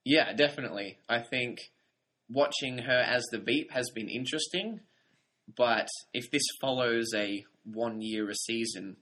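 A young man co-hosting a TV review podcast, easygoing and quick to laugh. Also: medium pitch, bright, forceful tone. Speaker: podcast co-host. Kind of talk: casual TV review chat.

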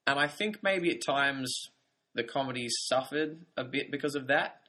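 A young man talks through a TV series on a casual review podcast. His voice is bright and clear, and his delivery is relaxed and good-humored. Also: mid-range voice, normal speed. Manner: easygoing, laughs often. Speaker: podcast co-host.

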